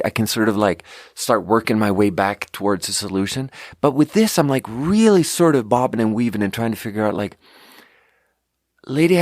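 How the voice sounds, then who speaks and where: A man's voice: medium pitch, dry recording, clean studio sound. A man hosting a podcast, telling a story in a rambling, casual way full of fillers and restarts. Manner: rambling, filler-heavy, animated retelling. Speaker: podcast host.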